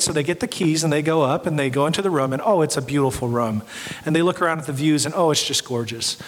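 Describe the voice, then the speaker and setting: A young adult man giving a sermon as a pastor, telling stories and acting out the quoted voices. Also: fairly high pitch. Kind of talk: sermon storytelling. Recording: long hall reverb.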